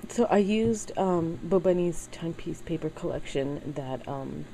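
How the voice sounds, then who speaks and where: Soft-spoken woman crafter with a low, mellow voice. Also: gravelly, slight background noise, poor audio. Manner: halting, many fillers, emotional and teary. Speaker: crafting channel host. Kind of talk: casual craft video chat.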